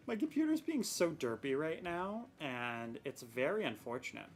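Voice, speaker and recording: Young woman streamer rambling about her laggy pc, self-mocking, super animated voice. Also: low-pitched, normal speed. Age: young adult. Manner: rambling, self-mocking, exasperated at tech trouble. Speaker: game streamer. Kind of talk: casual live-stream chat.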